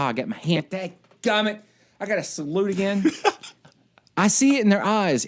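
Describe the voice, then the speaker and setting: Male podcast co-host, worked-up storyteller with a higher-than-usual voice. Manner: animated ranting storyteller. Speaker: military service member. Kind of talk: casual podcast chat.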